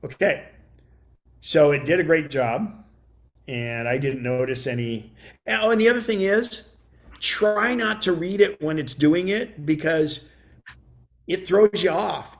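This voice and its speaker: A middle-aged man teaching a computer class, chatting casually and dictating punctuation aloud during a demo. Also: on the high side. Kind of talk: demonstrating voice dictation.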